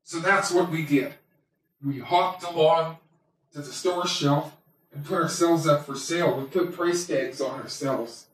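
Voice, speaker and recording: A man's voice: on the high side, a little slow, natural voice. Toy wolf, male, played by a man: slightly raised voice, rambling self-mocking storyteller, homemade comic monologue, echoey distant sound. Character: chatty male toy wolf telling his life. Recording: very echoey room, voice far from mic.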